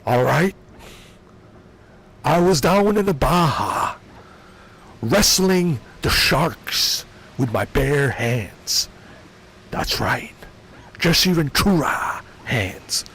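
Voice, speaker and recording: A man doing a comedic impression of a boastful older tough-guy ex-wrestler politician, in a slow, gravelly drawl. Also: a little high, expressive, a bit bright, a little hiss or hum, heavily acted. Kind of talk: comedic impression while gaming.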